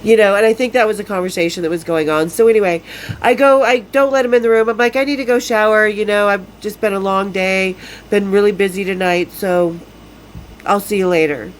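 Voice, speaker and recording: Woman, 50s, podcast host, blunt, salty language, mid pitch, faint hiss behind. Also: brisk, low-quality recording. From Salt Lake City, Utah. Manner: blunt, profane, laughs often. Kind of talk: casual storytelling.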